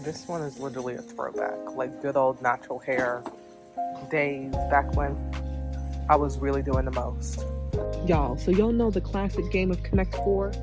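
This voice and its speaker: A woman's voice: very deep voice, normal speed, music in the background. A young woman, chatting casually to viewers in a vlog and calling them y'all. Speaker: vlogger. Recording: roomy echo.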